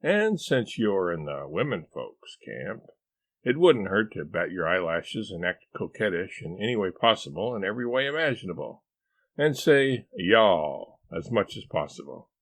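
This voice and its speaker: A man voicing a pompous, eccentric husband who lectures in a drawn-out, know-it-all way in a storybook reading. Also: deep voice, sing-song, fairly bright tone, no room sound, full character voice. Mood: lecturing.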